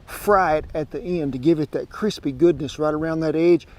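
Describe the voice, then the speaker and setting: A man's voice: a little high, fairly even intonation, moderate pace. A man hosting a casual cooking demonstration outdoors, talking in a folksy, chatty drawl. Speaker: cooking show host. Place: outdoors by a smoker grill.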